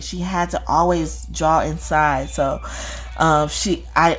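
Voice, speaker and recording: A woman who reads spiritual messages, chatting casually to viewers in a rambling way, full of fillers and laughter. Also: deep voice. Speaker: spiritual reader.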